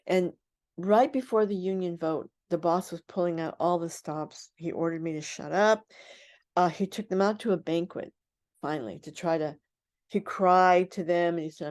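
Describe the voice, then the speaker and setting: Older woman, radio guest, lowish voice, animated storyteller who voices the people in her stories. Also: normal speed. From United States. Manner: animated storyteller acting out quotes.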